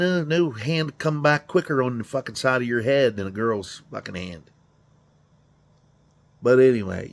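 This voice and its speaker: Tired, profane middle-aged man rambling. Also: fairly low pitch. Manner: profane, rambling, self-deprecating. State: tired, yawning. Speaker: garage channel host. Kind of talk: casual rambling monologue.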